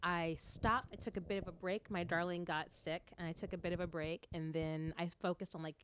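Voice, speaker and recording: A woman's voice: on the low side, steady tone, fairly quick, a bit bright, slight background noise. A woman guest on a podcast, a stand-up comedian, talking casually and rambling with lots of fillers.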